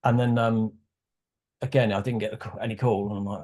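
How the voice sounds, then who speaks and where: A man's voice: fairly low pitch, steady tone, brisk, darkish tone. A man as a podcast guest, casually telling a rambling story and acting out quoted dialogue.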